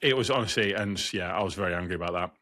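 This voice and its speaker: A man co-hosting a podcast, telling stories with animated exasperation in a fairly low voice. His tone is bright and forceful. The close mic gives a dry, dead sound. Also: racing, no room sound. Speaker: podcast co-host, truck driver. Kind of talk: casual podcast chat.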